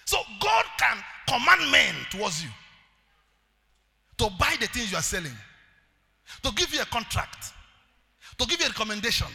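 A male pastor preaching a sermon, calling out to the congregation and building up to loud shouted declarations. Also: extremely high pitch, gravelly, big-room sound. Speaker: pastor, evangelist.

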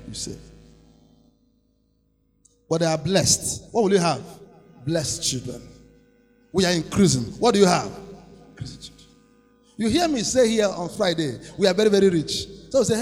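A male pastor preaching a sermon, shouting and chanting lines for the congregation to repeat. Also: on the high side, expressive, normal speed, pauses often. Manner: preaching with sudden shouts and sing-song rises, leading call-and-response. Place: church. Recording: echoey church hall with faint music.

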